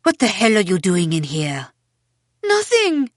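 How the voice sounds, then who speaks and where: A sharp-tongued mother scolding in a harsh voice, as an audiobook narrator puts her on. She sounds louder and more forceful than the narration, and the sound is dry and close. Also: medium pitch, huge pitch swings, unhurried, no echo. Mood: furious.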